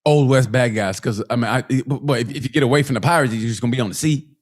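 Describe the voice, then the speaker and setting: A man's voice: mid-range voice, quick pace. A man co-hosting a comedy podcast, joking loosely and often laughing while acting out scenes. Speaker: podcast co-host. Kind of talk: casual comedic banter.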